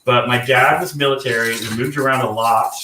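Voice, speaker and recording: A man's voice: medium pitch, fairly even intonation, fairly quick, bright, forceful tone, reverberant, far from the mic, slight background noise, poor audio. A man from the American South with a General American accent, chatting casually while he cooks, his talk full of "like" and "you know". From North Carolina, raised partly in Georgia. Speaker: guest cook. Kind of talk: casual chat while cooking.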